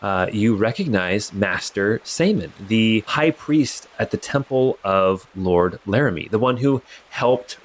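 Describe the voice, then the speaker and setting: Low-voiced male game master. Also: lively intonation, unhurried, few pauses. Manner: descriptive, loose, many fillers. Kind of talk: narrating a tabletop game.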